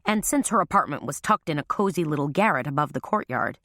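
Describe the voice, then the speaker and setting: A woman narrates a mystery audiobook with a deep, low voice. Her even storytelling is recorded close on a studio mic in a dry, deadened space. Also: quick pace, few pauses, dry recording. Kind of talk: scripted narration.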